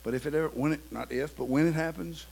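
A man preaching a sermon, swinging between quiet, confiding talk and loud, shouted preaching. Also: fairly high pitch, fast talker, gravelly.

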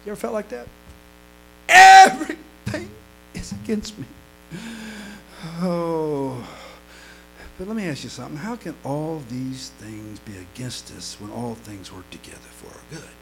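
A middle-aged man preaching a sermon as a pastor, dropping to quiet storytelling and rising to shouted, half-sung lines. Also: mid-range voice, expressive, normal speed, gravelly, slight background noise, rough recording.

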